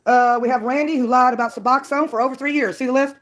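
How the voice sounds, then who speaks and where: A woman's voice: sits high, fairly even intonation, fast. A woman from Mississippi, ranting on her own channel in a combative, mocking way. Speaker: channel owner. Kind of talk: ranting call-out vlog.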